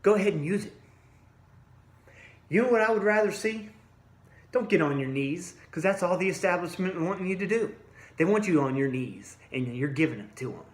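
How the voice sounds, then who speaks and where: A man delivering an angry, blunt monologue straight at his listeners, swinging from low mutters to loud outbursts. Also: echoey room. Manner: blunt, combative, addresses listeners directly. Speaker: vlogger.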